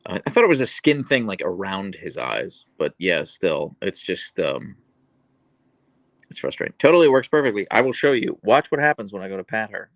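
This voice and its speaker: Gravelly low-voiced man chatting on a livestream. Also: very animated, moderate pace, a bit bright, no echo, rough recording. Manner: chatty, reads and answers viewer comments. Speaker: livestream host and dog owner. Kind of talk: casual livestream chat.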